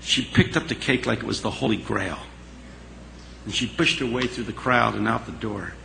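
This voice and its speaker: A man telling a story in a sermon, animated and dramatic, dropping into a hush at the tense moments. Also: fairly low pitch, normal speed, vocal fry, rough recording. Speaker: speaker.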